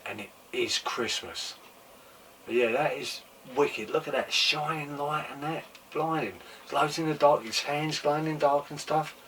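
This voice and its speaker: An excitable man hosting a casual toy collecting show, with a voice that is wearing thin and going slightly hoarse. He gushes and repeats his exclamations, swearing now and then. He sits a little back from the microphone, with faint room noise behind him. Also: on the high side, unhurried, distant mic. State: losing his voice. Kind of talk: casual show-and-tell chat.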